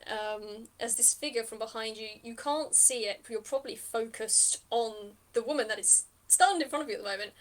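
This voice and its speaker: A woman's voice: a little high, a bit bright. A woman narrating a tabletop game as game master, chatty and thinking aloud with many fillers.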